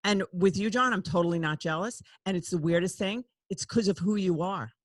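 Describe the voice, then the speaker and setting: A woman hosting a podcast, talking candidly and confessing things, laughing often and swinging between loud outbursts and hushed asides. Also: fairly low pitch, a little fast, no room sound. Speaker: podcast host.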